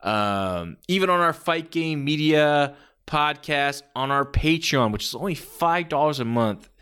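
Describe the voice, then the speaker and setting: A man's voice: a little high, lively intonation, measured pace, a bit bright, clear, resonant tone. A man in his forties hosting a podcast, telling stories in a rambling, enthusiastic way with lots of fillers. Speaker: podcast host. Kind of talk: casual podcast monologue.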